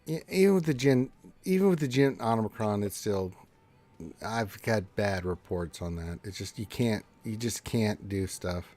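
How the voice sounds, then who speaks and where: A man co-hosting a gaming live stream in relaxed, casual banter. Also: lowish voice, unhurried, dry recording. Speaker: co-host of a game live stream. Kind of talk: casual chat.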